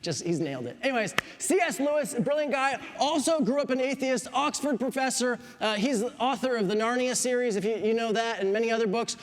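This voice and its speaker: A man's voice: very high-pitched, expressive, fairly quick, hardly any pauses, big-room sound, slight background noise. A pastor in his thirties from Quebec, preaching a sermon with joking asides. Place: church.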